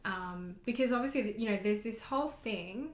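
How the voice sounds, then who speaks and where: A woman's voice: medium pitch, moderate pace, roomy sound. A woman co-hosting a podcast, reacting bluntly and swearing freely in casual chat. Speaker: podcast co-host.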